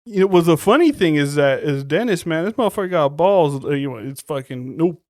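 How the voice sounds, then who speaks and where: In crisp studio sound without echo, a man with a slightly high voice speaks a little quickly while co-hosting a podcast. His casual banter is profane and lively, and he performs the dialogue as he retells scenes.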